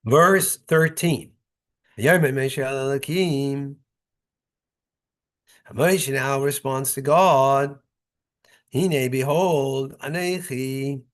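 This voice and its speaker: In a mid-range voice, a rabbi teaches Torah very slowly, pausing often. He reads short Hebrew phrases from the verses, translates them into English with explanations, and keeps things conversational by asking his listeners "right?" and "okay?"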